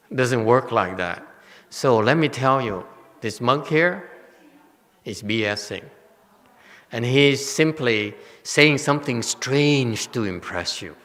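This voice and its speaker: Bright-voiced man teaching in a reverberant hall. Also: medium pitch. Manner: animated, teasing, laughs often. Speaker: Buddhist teacher. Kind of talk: Dharma lecture with questions. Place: temple hall.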